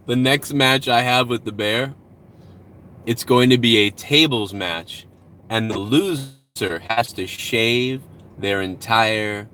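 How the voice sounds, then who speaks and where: A man's voice: mid-range voice, takes it slowly, pushed and bright, slight background noise. A man hosting a casual live stream outdoors at home, talking loosely and profanely while reading out viewer donations. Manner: rambling, profane, reads out donations.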